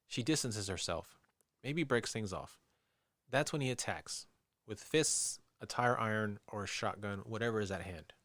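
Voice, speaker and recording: Male podcast co-host, lowish voice, dry mic, steady script reading. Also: moderate pace, dry recording. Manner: reads narration steadily, laughs easily in banter. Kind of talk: reading a true-crime script, then casual chat.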